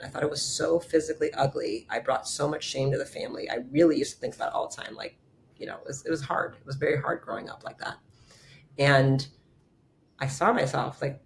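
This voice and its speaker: Gravelly, blunt woman telling stories. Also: deep voice, a little hiss or hum. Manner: blunt, animated, swears freely. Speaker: chiropractor and guest. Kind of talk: candid interview storytelling.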